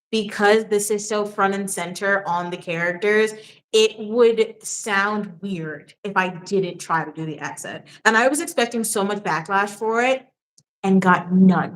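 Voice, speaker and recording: A woman's voice: mid-range voice, fairly bright tone. A young woman hosting a casual livestream, chatting with a guest, reading viewer questions and laughing often. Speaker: livestream host.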